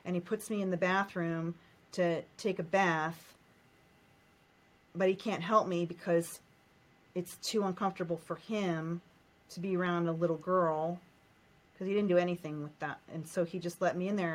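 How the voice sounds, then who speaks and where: A woman's voice: lowish voice, steady tone, moderate pace. A woman from the United States, a guest telling a painful childhood memory in short, repeated, emotional phrases. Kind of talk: personal storytelling in a coaching session.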